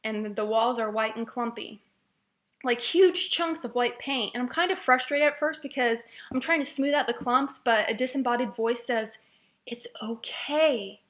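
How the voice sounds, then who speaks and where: A woman with a slightly high voice tells a long story in a loose, offhand way. She rambles, restarts her sentences and drops dry asides as she goes. It sounds like relaxed, unscripted storytelling. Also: normal speed. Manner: rambling, wry, with fillers and restarts. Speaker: storyteller recounting a dream. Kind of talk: casual spoken storytelling.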